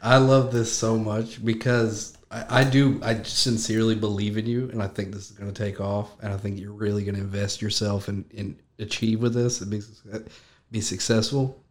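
A man's voice: lowish voice, flat delivery, moderate pace. A young adult man hosting a podcast, chatting casually and joking with a friend, often laughing. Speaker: podcast host. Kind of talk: casual chat.

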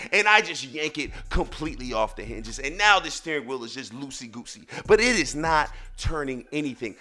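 A young man hosting a podcast, telling a dramatic story and working up to shouts. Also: on the high side. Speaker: podcast host. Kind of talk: animated storytelling.

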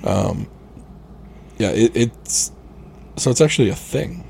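A man's voice: mid-range voice, animated, slow pace, gravelly, a little mellow, slightly rough. A man co-hosting a casual podcast chat, explaining things in an opinionated way with frequent fillers and restarts. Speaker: podcast co-host.

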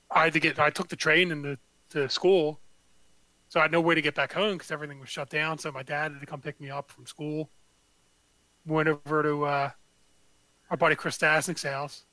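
Bright, flat-voiced man. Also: a little high, moderate pace, pauses often, no echo, rough recording. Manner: loose, filler-heavy and blunt. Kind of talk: casual storytelling.

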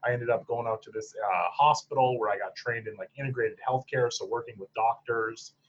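Husky-voiced man. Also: mid-range voice, a little fast. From Upper Peninsula of Michigan. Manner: chatty, lots of fillers, laughs at own stories. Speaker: psychologist guest. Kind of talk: casual storytelling interview. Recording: dull lo-fi sound.

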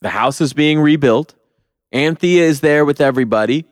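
A young man co-hosts a laid-back movie review podcast, speaking at normal speed in a voice on the high side. Swearing constantly, he rants hotly and ridicules those he quotes with mocking voices. The studio-quality audio has no echo.

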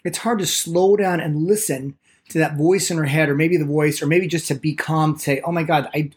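Teaching meditation on a podcast, this man is eager and lively in pitch, rushing ahead when he's excited. He dramatizes the excuses people come up with.

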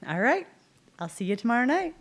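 A woman's voice: fairly high pitch, sing-song, fairly quick. A woman improvising a scene at a bar, easygoing and playfully teasing. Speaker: improv performer.

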